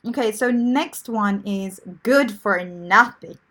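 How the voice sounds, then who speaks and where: A woman's voice: mid-range voice, slow, fairly bright tone. A woman teaching English vocabulary in a live online lesson, chatty and encouraging, with many fillers and restarts.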